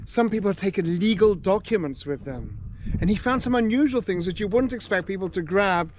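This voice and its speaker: Lively male tour guide telling a story. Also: high voice, a little fast, a little hiss or hum. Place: outdoors at a desert archaeological site. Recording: music playing underneath.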